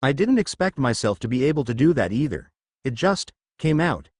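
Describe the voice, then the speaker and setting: A man's voice: mid-range voice, sing-song, moderate pace, darkish tone, husky, dry recording, clean studio sound. A man voicing a shy young fox spirit woman in human form, meek and stammering, in a fan fiction audiobook. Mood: bashful.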